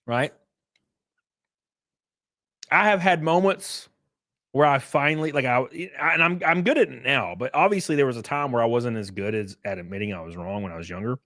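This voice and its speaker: A man's voice: medium pitch, moderate pace, long pauses, fairly bright tone, no room sound, clean studio sound. A young man streaming live, rambling casually and swearing as he comments and greets his chat. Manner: rambling and profane. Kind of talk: livestream commentary.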